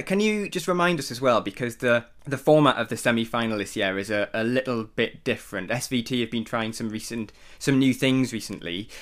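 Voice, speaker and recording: A man hosting a podcast, prompting his guests in an upbeat, animated way. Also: mid-range voice. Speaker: podcast host.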